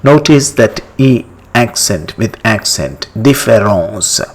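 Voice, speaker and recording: A man with an Indian English accent talks through a language lesson at a very slow, unhurried pace. His pitch rises and falls a lot as he lingers on each word. He spells words out letter by letter and says each pronunciation over and over. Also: expressive. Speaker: language teacher.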